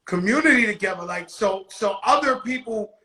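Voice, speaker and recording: A man's voice: high-pitched, lively intonation, moderate pace, pushed and bright. A man hosting a casual interview, talking in a loose, emphatic way that repeats words. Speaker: host, rapper.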